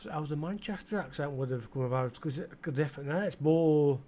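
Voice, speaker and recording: A man's voice: a little high, a little fast, mellow. A middle-aged man with an East Midlands English accent, rambling casually with lots of fillers as he plays and chats to the game's customers. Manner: rambling, chatty, full of fillers, talks to game customers. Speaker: gaming channel host. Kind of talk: casual let's-play commentary.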